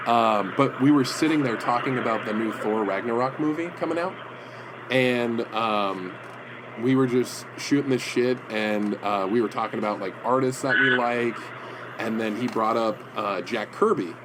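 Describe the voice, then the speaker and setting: A man's voice: medium pitch, noisy background. Rambling man telling comic-shop stories. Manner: rambling, halting storyteller. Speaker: podcast co-host. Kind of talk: casual chat. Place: indoor room with comic prints.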